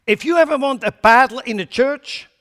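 A man preaches a sermon with emphasis, his extremely high voice moving at a moderate pace. He swings from loud declarations to quiet asides, bluntly scorning foolish ideas.

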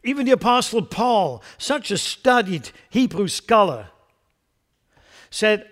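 A male pastor preaching a sermon, animated and putting questions to his congregation. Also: high-pitched, slow pace, in a large hall.

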